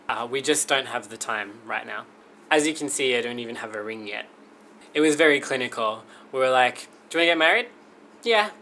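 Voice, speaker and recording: A man's voice: medium pitch, bright, forceful tone, a little hiss or hum. Wry, joking young man vlogging. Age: 20s. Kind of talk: casual Q&A vlog.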